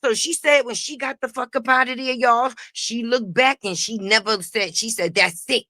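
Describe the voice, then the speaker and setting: A woman hosting a casual gossip commentary stream, profane and animated, talking straight to her viewers. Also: fairly high pitch, moderate pace, no room sound, studio quality. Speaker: host.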